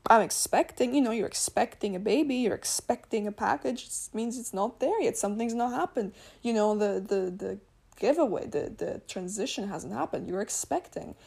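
A woman's voice: mid-range voice, vocal fry, mellow, breathy edge. A woman whose first language is not English, hosting a podcast and talking in a chatty, rambling way, laughing often and correcting herself. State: tired. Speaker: podcast host. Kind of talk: casual spiritual podcast monologue.

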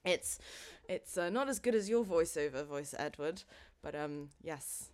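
A woman's voice: deep voice, expressive, a little slow, darkish tone. A young adult woman from England co-hosting a podcast in casual, rambling chat full of fillers. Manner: chatty, rambling with many fillers. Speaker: podcast co-host.

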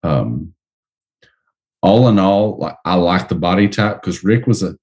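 Low-voiced man reviewing toys casually. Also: measured pace. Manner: relaxed, descriptive, hesitant with ums. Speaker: podcast host. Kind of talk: casual review of action figures.

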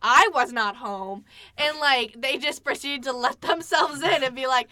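On her podcast, a young woman chats casually and tells animated stories, performing the quotes herself and using plenty of filler words. She speaks at a normal speed in a slightly high voice, with no room sound.

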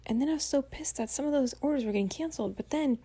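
A woman's voice: sits high, quick pace, dark tone. A tired woman hosting a podcast as a casual spoken diary, venting in a chatty way with many fillers and some swearing. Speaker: podcast host. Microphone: home voice recording.

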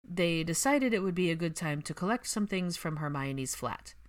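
A woman voicing a reserved young male wizard who speaks in a measured, firm and reluctant way. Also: lowish voice, animated, close to an everyday voice.

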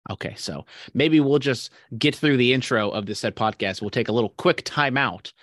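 A man's voice: medium pitch, normal speed, fairly bright tone, no echo, studio quality. A man co-hosting a podcast, telling crude stories and joking in casual chat. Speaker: podcast co-host. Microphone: desk mic on camera.

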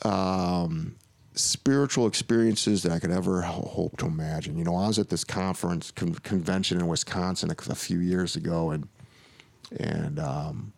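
A man's voice: low voice, gravelly, a little mellow. A man, a podcast guest, telling a long personal story in casual talk, full of restarts and quoted dialogue. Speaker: interview guest.

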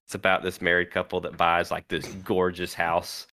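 A man's voice: deep voice, completely flat delivery, normal speed, sharp tone, smooth. A man co-hosting a casual sports talk show, speaking in a wry, offhand way. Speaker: podcast co-host.

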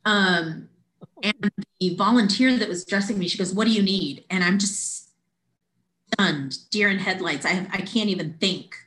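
Woman, animated storyteller, podcast guest, echoey room. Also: medium pitch, normal speed. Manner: animated, acts out quoted voices. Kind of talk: casual storytelling. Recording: roomy echo.

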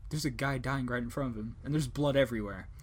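A man's voice: mid-range voice, quick pace. A young man hosting a casual podcast chat, rambling and joking with casual swearing. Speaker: podcast host.

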